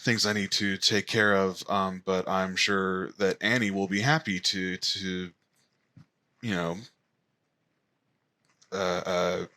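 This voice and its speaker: A hesitant, deferential middle-aged father, played by a man in a tabletop game. He speaks haltingly and politely, in a voice close to the man's own, slightly higher and bright. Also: fairly even intonation, exaggerated voice.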